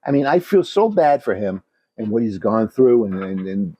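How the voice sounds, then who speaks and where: A man's voice: lowish voice, very animated, normal speed, muffled recording, slight background noise. An older man co-hosting a podcast, telling rambling anecdotes in casual chat and swearing often. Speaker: podcast co-host.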